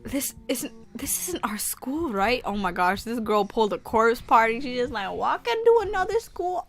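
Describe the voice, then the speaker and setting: A woman commenting on a horror game as a YouTuber, loud, excitable and slangy, yelling and joking at what happens. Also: a little high, normal speed. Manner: loud, excitable, slangy, laughs and yells reactions. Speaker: gaming YouTuber.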